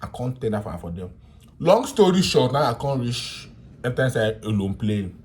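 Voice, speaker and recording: A young man from Nigeria with a Nigerian accent, telling a travel story to camera in a loose, animated way, laughing and swinging between loud and quiet. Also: medium pitch, moderate pace. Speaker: vlogger. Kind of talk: casual storytelling in pidgin.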